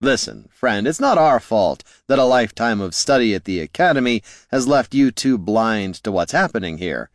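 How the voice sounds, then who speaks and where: A man's voice: mid-range voice, animated, moderate pace, hardly any pauses, no room sound, clean studio sound, natural voice. A man voicing a smug, flamboyant male bard who teases in an airy, sing-song way. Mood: sly.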